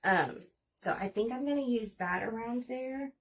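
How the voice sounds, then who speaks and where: A woman's voice: on the high side, moderate pace, distant mic, noisy background. A woman in her forties chatting casually and rambling as she hosts a crafting livestream. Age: 40s. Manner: chatty, rambling, talks while working.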